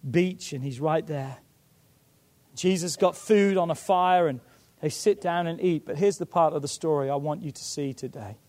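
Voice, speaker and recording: A pastor preaching a sermon, retelling a story with dramatic swings between loud calls and hushed lines. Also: male voice, fairly high pitch.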